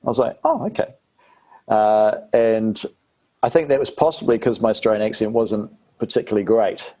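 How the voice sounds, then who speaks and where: A man's voice: lowish voice, fairly even intonation, fairly quick, dark tone. A man from New Zealand with a New Zealand accent, an actor chatting casually as an interview guest, rambling with fillers and restarts.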